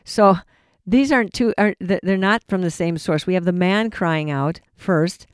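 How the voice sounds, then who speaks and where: A man's voice: sits high, moderate pace, smooth, dry recording, clean studio sound. A man giving an informal Bible teaching sermon, earnest and conversational, often restarting his phrases. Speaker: preacher.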